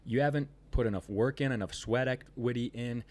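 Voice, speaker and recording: A business owner from Ohio, United States, talks as a guest on a casual podcast, rambling and emphatic and leaning heavily on "you know." His mid-range voice is a little mellow and moves fairly quickly.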